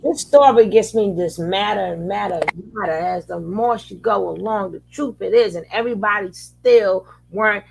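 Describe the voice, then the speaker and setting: A woman's voice: mid-range voice, normal speed, gravelly, hardly any pauses, noisy background. A woman hosting a reaction commentary, speaking angrily with cursing and restarted phrases. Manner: angry, profane, restarts phrases. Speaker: reaction channel host.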